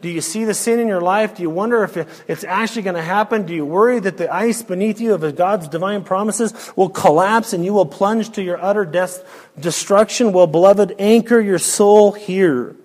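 An emphatic man preaching an expository sermon, with a high-pitched voice. He fires off rhetorical questions and at times drops to a near hush. His voice carries a long reverb, as in a large hall. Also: moderate pace.

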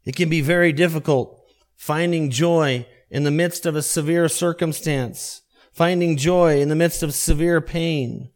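A man preaching a sermon as a pastor, earnest and emphatic, slowing down on key phrases and repeating points for weight. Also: a little high, fairly even intonation.

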